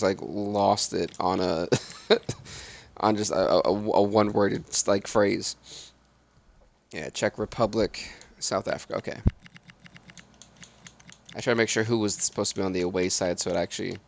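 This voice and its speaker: Gravelly man calling a video game match. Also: lowish voice, moderate pace. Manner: excitable play-by-play that drops to mumbled asides. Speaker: gaming channel host. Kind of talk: solo video game commentary.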